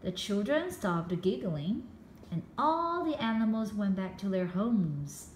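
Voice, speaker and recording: A woman reading a children's storybook aloud in a slow, expressive way with dramatic pauses. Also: medium pitch. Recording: roomy echo with faint background hum.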